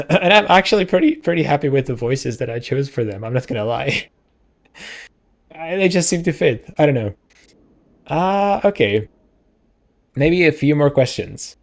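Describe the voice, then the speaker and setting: A man's voice: fairly high pitch, lively intonation, normal speed, creaky, pauses often. A man hosting a let's play, musing and hesitant as he thinks aloud through casual gameplay commentary.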